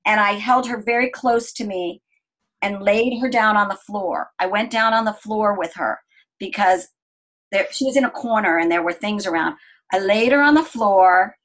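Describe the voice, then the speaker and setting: A woman's voice: fairly high pitch, rough recording. Earnest middle-aged woman telling a story. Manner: earnest, gentle, slows down to stress calm moments. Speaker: interview guest. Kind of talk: personal storytelling.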